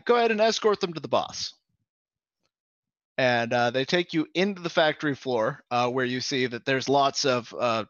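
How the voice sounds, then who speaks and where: A man's voice: medium pitch, a bit bright, no echo, muffled recording. A man narrating a tabletop game as game master, hesitant, with many fillers.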